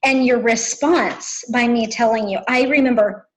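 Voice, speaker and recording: A woman's voice: a little high, normal speed, rough recording. A woman in her thirties talking earnestly and emotionally with a close friend, often searching for words. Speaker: guest, best friend. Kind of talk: emotional conversation.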